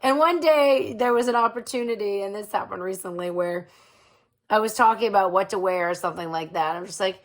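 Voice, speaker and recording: A woman's voice: medium pitch, fairly quick. A woman in her forties talking frankly in a casual monologue to her listeners. She laughs easily and keeps checking in with them by asking "okay?". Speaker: host.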